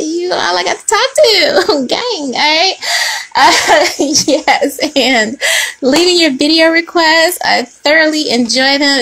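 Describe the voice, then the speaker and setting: A woman's voice: high-pitched, a bit bright. A young woman reading tarot in a casual, slangy chat, laughing often as she talks to her viewers. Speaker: tarot reader.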